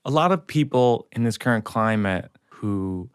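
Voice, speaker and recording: A man from suburban Massachusetts who hosts a podcast, talking casually in a halting way with many restarts. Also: fairly low pitch, animated, clear, resonant tone, no echo, studio quality. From Massachusetts suburbs, USA. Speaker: podcast host. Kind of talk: casual interview talk.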